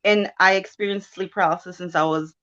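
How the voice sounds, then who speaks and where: A woman's voice: on the low side, fairly quick, lo-fi sound. Chatty woman telling a strange story. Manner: chatty and animated, with laughs and self-quotes. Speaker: guest. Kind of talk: casual storytelling chat.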